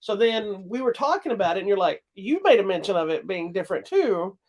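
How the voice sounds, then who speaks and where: A man's voice: sits high, very animated, fairly quick, a little mellow, poor audio. Rambling male movie podcast host. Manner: rambling, with restarts, laughing often. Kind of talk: casual chat.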